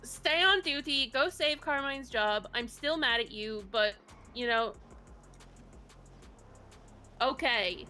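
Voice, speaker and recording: Woman, bright, high-pitched, blunt scolder, swears a lot, roleplay phone call, faint music behind. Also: slow, pauses often. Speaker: roleplay character from the mayor's office.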